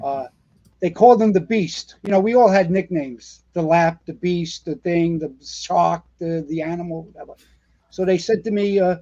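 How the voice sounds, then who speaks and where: A man, pitched noticeably high, spins rambling fire-station stories with plenty of fillers and restarts. The recording sounds dull and lo-fi. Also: moderate pace. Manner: animated storyteller, rambling with many fillers and restarts. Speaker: retired fire captain guest. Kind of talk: casual storytelling interview.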